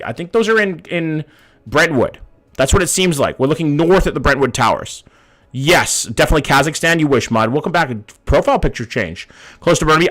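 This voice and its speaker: A young man streaming a game live, chatting casually with viewers and thinking out loud. His talk is slangy and loose with the odd swear, and it often drops to quiet mutters as he studies the map. His pitch sits right in the middle for a man. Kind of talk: live-streamed gameplay commentary reading chat.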